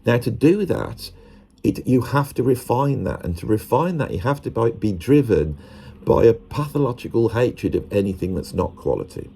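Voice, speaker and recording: An Englishman talking to camera in a rambling, self-mocking monologue, often slipping into quick put-on voices. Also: mid-range voice, sing-song, gravelly, warm tone, husky.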